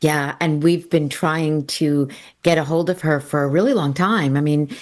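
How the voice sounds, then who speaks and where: An older woman co-hosting a podcast over a video call, chatty and quick to laugh, with filler ums. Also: sits low. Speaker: podcast co-host, voice actor. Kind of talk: casual podcast chat.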